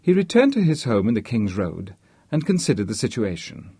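Animated, husky male audiobook narrator. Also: mid-range voice, fairly quick, dry recording. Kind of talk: scripted narration of a novel.

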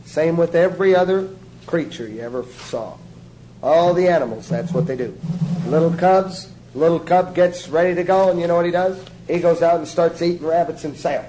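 A man's voice: a little high, moderate pace, background noise. A man preaching an informal sermon in a folksy, joking way, often asking his listeners questions. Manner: folksy, jokey, asks the audience questions.

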